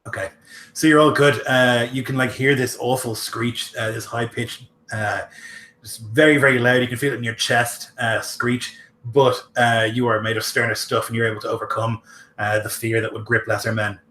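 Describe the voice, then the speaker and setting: A man's voice: medium pitch, level tone, normal speed, pushed and bright, echoey room, a little hiss or hum. A man narrating as game master in a tabletop role-playing game, loose and full of fillers, describing combat in gory detail.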